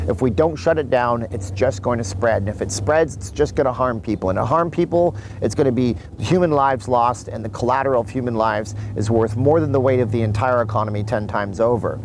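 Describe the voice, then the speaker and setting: A man's voice: medium pitch, expressive, a little fast, a little mellow, a little hiss or hum, low-quality recording. A man born in Canada, vlogging in a chatty, rambling way with asides to his viewers, a mask on as he talks. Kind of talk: casual vlog commentary. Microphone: mask on while talking.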